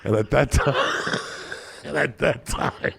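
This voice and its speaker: Podcast guest, middle-aged man, low gravelly rasp, profane and raunchy tales. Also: slow pace, fairly bright tone. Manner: profane, gravelly, acts out quotes. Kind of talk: raunchy storytelling.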